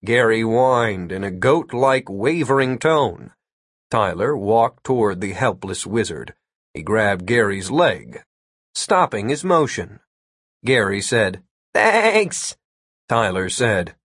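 Dry, measured male story narrator. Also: on the low side, expressive, fairly bright tone, breathy edge, dry recording. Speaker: audiobook narrator.

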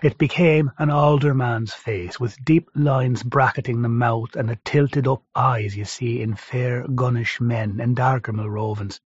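A man reading a first-person story aloud in a steady, measured way. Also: medium pitch, slightly rough, no echo. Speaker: narrator. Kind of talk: first-person audiobook narration. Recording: dry, slightly dull recording.

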